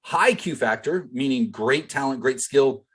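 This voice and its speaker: A man's voice: mid-range voice, animated, measured pace, a bit bright, slightly rough. A man working as a business coach, teaching a live online group call in a loose, conversational way full of fillers and direct asks to the group. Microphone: video call.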